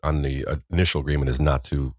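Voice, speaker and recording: A man's voice: rumbling low, fairly even intonation, fast, a little mellow, dry recording, studio quality. A man hosting a casual news podcast, rambling and wry, often trailing off mid-sentence. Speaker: podcast host.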